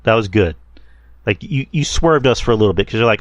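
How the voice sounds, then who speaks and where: A man's voice: mid-range voice, very animated, moderate pace, pauses often, dry recording, lo-fi sound. A man hosting a solo podcast, rambling casually with lots of fillers and the odd swear word. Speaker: podcast host reviewing wrestling.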